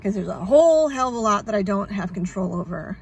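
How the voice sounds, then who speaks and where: A woman's voice: medium pitch, expressive, fairly quick, slightly rough. A woman talking candidly in a casual vlog, sarcastic and frazzled, rambling and swearing freely. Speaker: vlogger sharing her illness journey.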